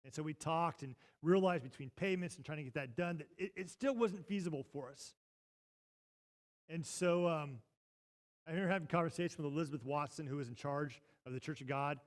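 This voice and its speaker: A pastor with a high-pitched voice preaches his sermon as a story. He talks in an animated way, rising to loud bursts and then dropping to quiet asides. He speaks from a church sanctuary. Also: brisk. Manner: animated, swings from loud to hushed.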